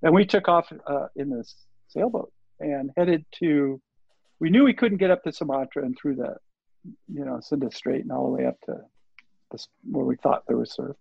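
A man in his sixties, an interview guest, telling a rambling, animated story and acting out the lines of the people in it. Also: a little high, moderate pace, gravelly, breathy edge, no echo. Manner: rambling, animated, acts out quoted dialogue. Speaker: interview guest, surf filmmaker. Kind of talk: casual storytelling. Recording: dull lo-fi audio.

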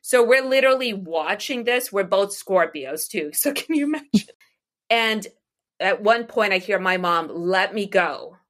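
A woman's voice: mid-range voice, animated, normal speed, fairly bright tone. A middle-aged woman from the United States, an astrologer and psychic medium, telling personal stories in a casual interview, rambling with restarts and laughs.

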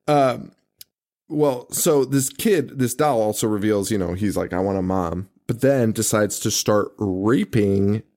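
A male podcast co-host retells a movie in loose, casual chat. He laughs through his sentences, swears freely, and slips into quick impressions of the characters. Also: lowish voice, a little mellow. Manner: laughs often, swears, acts out quotes.

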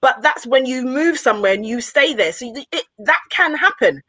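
A woman from London chatting casually and telling stories with animated laughter. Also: sits high, moderate pace, no echo, low-quality recording. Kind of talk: casual chat.

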